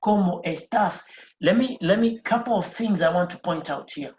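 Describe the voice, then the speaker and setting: A patient teacher walks through a beginner lesson at a board, repeating each phrase and spelling words out letter by letter. The voice sits at a middling pitch. The recording is roomy and a little dull, like a lo-fi classroom capture. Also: animated, brisk, darkish tone. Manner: patient, explaining step by step. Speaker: Spanish teacher.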